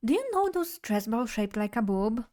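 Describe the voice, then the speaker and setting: A woman's voice: on the high side, very animated, normal speed, mellow. A young woman streamer in casual live chat, playful and chatty as she talks to her viewers.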